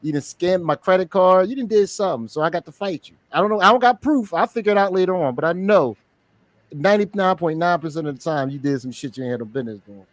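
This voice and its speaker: A man in casual podcast chat, talking in an animated, profane, joking way. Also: high voice, fast, no room sound.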